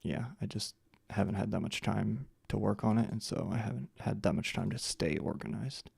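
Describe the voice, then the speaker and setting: Deep gravelly man chatting on stream. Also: normal speed, darkish tone, dry recording. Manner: chats with viewers and mutters to himself while working; many fillers and restarts. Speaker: live stream host. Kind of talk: casual live stream chat while editing.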